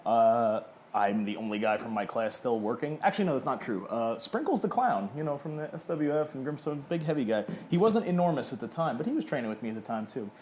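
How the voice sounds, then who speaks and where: A man's voice: medium pitch, very animated, fairly quick, darkish tone, slight background noise. A man in his thirties, an independent pro wrestler, chatting casually and self-deprecatingly in an interview. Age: 30s. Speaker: indie pro wrestler guest.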